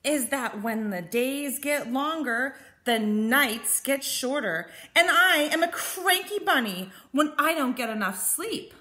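A woman's voice: sits high, expressive, slow pace, hardly any pauses, bright, forceful tone, pitched above the performer's own voice, exaggerated voice. Woman voicing a cranky grumbling rabbit. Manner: cranky, complaining. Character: grumpy sleepy rabbit who grumbles.

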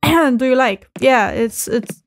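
A woman hosting a video game playthrough, chatting casually with crude jokes and sudden loud outbursts. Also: sits high, slow, slight background noise. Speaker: gaming video host. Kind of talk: casual let's play commentary.

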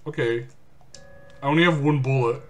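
A man streaming a horror game, cursing and yelling at the game in exasperation. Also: mid-range voice, normal speed. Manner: swearing, exasperated outbursts at the game. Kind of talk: casual gameplay commentary.

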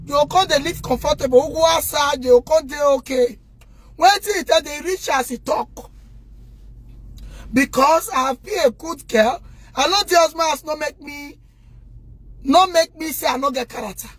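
A Nigerian woman rants straight to the camera with a very high, piercing voice. She scolds loudly and indignantly and keeps turning to her viewers to take her side. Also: measured pace, pauses often, slight background noise. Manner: scolding, loud and indignant, addressing viewers directly. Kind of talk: impassioned rant to the camera.

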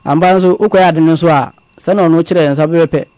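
A man, calmly recounting a personal story as a guest in a conversational interview. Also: fairly high pitch, fairly quick, no echo. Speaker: guest telling his story. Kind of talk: conversational testimony.

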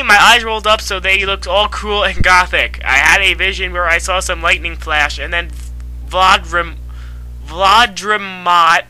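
A man's voice: sits high, pushed and bright, poor audio. A man reading fan fiction aloud in an exaggerated, mock-dramatic way. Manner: exaggerated, drawn-out reading that breaks into laughter. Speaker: co-reader.

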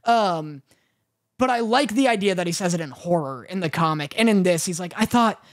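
A man's voice: high-pitched, lively intonation, moderate pace. A man co-hosting a podcast in casual chat, easygoing and patiently explaining plot points. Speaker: podcast co-host.

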